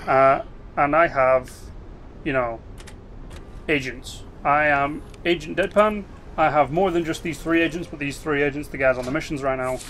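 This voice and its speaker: A man's voice: a little high, moderate pace, a bit bright, a little hiss or hum. Chatty man explaining a strategy game. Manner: chatty, explains game mechanics with restarts and asides. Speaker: gaming video host. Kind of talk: casual gameplay commentary.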